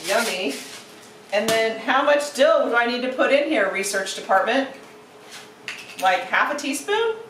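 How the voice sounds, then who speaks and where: A woman's voice: fairly high pitch, very animated, measured pace, pauses often, reverberant, distant mic, noisy background. A woman hosting a casual cooking demonstration, chatty and playful as she talks through each step. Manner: chatty and playful, narrates steps aloud. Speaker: cooking show host.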